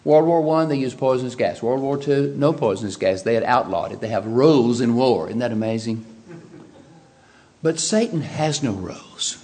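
Man, preacher, sermon, mid-pitched voice, emphatic, loud and soft in turns. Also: normal speed. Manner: emphatic, swinging between quiet asides and loud exclamations.

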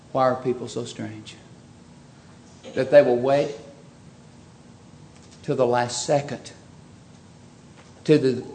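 A man preaching a sermon, earnest and rhetorical, swinging between loud and soft. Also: medium pitch, slight background noise. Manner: earnest, rhetorical questions, varying loudness.

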